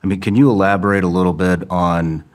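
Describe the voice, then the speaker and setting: A man hosting an interview, reading a formal introduction and then asking earnest, slightly halting questions. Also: deep voice, fairly even intonation. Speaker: podcast host.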